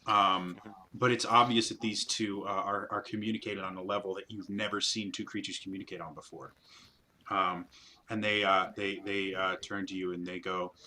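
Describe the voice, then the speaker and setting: A man's voice: on the low side, bright, forceful tone, a little hiss or hum, rough recording. A man narrating a tabletop game as game master, rambling with many fillers.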